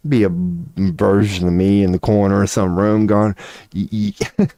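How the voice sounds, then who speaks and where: Speaking at a normal speed in a low, warm voice with flat delivery, a man riffs on his home webcam stream, cursing, joking around, and breaking into silly voices in loose, rambling talk. Though it's a webcam mic, the recording comes across dry and clean like a studio.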